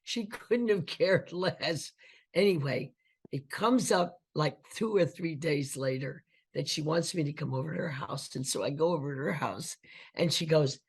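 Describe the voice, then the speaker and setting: Husky older woman telling stories. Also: low-pitched, moderate pace. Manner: lively storyteller who acts out dialogue. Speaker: guest actress. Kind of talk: animated storytelling interview.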